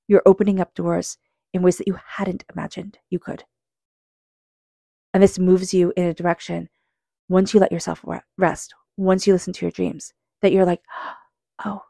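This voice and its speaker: A woman giving a psychic tarot reading, earnest and speaking straight to the listener, calm with slow passages. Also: lowish voice, creaky, no echo, clean studio sound. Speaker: tarot reader.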